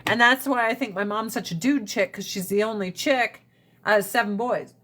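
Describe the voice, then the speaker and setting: A woman's voice: mid-range voice, normal speed, a bit bright, a little hiss or hum. A woman in casual livestream chat, blunt and profane, often laughing, talking into a phone. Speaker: livestream host.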